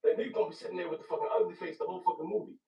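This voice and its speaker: A man's voice: high-pitched, racing. A man reviewing a movie in casual chat, hyped and profane, repeating himself for emphasis. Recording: echoey room, distant dull mic.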